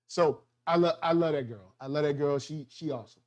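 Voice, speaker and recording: A man giving a casual, slangy review of a TV show, animated and quick to act out the characters' lines. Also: a little high. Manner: slangy, animated, acts out quotes. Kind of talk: casual solo TV review talk.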